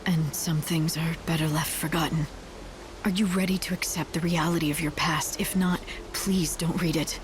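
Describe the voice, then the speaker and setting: An actress playing a calm, earnest young game heroine who speaks in a measured, soft way. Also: female voice, low-pitched, background noise, close to an everyday voice. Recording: game audio over clear music.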